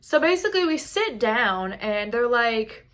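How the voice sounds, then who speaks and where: A young woman vlogger tells a casual storytime into a camera mic, chatty and leaning heavily on "like." Her fairly high, fairly bright voice is very animated but a little slow.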